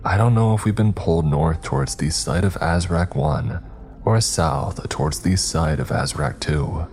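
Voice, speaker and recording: A man's voice: low voice, expressive, unhurried, darkish tone, faint music behind. A man narrating a first-person horror story in a tense, dramatic manner.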